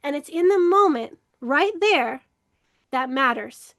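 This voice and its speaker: A woman's voice: sits high, lively intonation, takes it slowly, a bit bright, dry recording, studio quality. A woman leading a casual spiritual teaching to camera, earnest and reflective, often repeating words for emphasis. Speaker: workshop leader in emotional healing.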